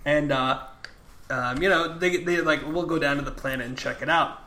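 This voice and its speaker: A man's voice: fairly high pitch, fairly even intonation, normal speed, bright, forceful tone. A young man hosting a podcast, chatting casually about a film, rambling with lots of fillers and laughs. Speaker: podcast host. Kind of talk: casual movie chat.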